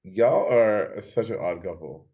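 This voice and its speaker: A man's voice: fairly low pitch, animated, unhurried, dark tone, lo-fi sound. A man co-hosting a podcast, teasing his friend in sassy casual banter. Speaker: podcast co-host. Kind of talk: casual chat.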